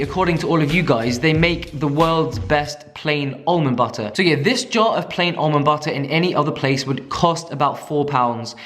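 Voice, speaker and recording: A man's voice: fairly high pitch, a bit bright. A young man from the UK chatting enthusiastically to camera about his food, casual and self-mocking. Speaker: vegan food vlogger.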